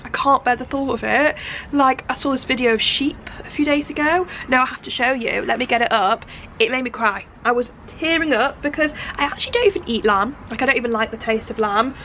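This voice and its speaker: A woman's voice: sits high, brisk, bright, forceful tone, slight background noise. A woman, chatting bubbly and casually in a vlog, with giggly asides. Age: 20s. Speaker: vlogger. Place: large indoor shopping centre. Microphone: phone held at arm's length.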